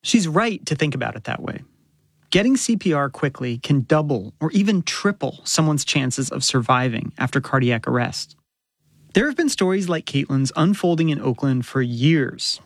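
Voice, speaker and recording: Measured woman reporter narrating. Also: low voice, dry recording, clean studio sound. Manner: measured, clear storytelling. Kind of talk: scripted radio narration.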